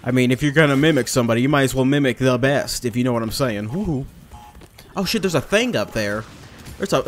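A young man talking casually over his gameplay, rambling and mocking himself, with sudden loud outbursts. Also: medium pitch, a little hiss or hum. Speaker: let's play gamer.

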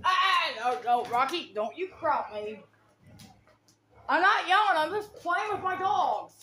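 A woman's voice: very high voice, expressive, measured pace, bright, forceful tone, echoey room. A woman filming her dogs at home, coaxing and scolding them between commands. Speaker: dog owner filming her pets. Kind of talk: casual home vlog narration. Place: home, near a kitchen.

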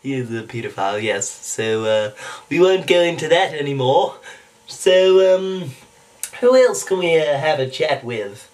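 A man's voice: fairly high pitch, lively intonation, unhurried, a little mellow. A man doing improvised impressions, dropping chatty asides in between. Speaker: amateur impressionist. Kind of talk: improvised one-take impressions. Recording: distant home mic.

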